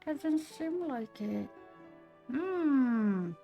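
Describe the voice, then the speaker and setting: A woman's voice: high-pitched, lively intonation, drawn-out words, gravelly, lo-fi sound, faint music behind. A woman streaming a game, chatting casually with frequent giggles and stammering restarts. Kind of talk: casual gameplay commentary.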